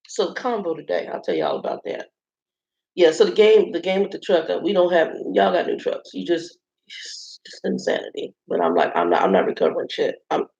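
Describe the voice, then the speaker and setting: A woman vlogger tells a rambling story to her viewers in a casual, chatty way. Her voice is low and gravelly. She is in a hotel room, and the sound is roomy and slightly dull. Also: a little mellow.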